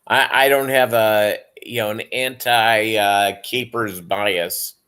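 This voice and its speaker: Tired male livestream host, slow and rambling, filler-heavy casual chat with viewers. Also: fairly low pitch, steady tone, sharp tone, smooth. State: tired, yawning.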